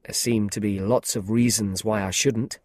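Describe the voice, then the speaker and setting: A man's voice: on the low side, fairly even intonation, moderate pace, no room sound, natural voice. Male reader doing a shy young man, hesitant, apologetic, dry close sound. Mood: awkward.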